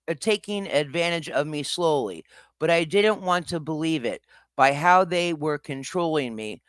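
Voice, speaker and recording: A man's voice: fairly high pitch, a bit bright, clean tone, dry recording, clean studio sound. A man hosting a livestream, confronting people in a heated, profane rant. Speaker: livestream host.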